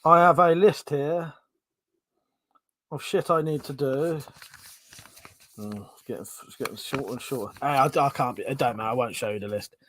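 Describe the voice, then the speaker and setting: A man's voice: mid-range voice, normal speed, long pauses, fairly bright tone, a little hiss or hum. A man with a British accent hosting a casual live stream, chatting sarcastically, swearing freely and reading out viewer comments. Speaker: livestream host.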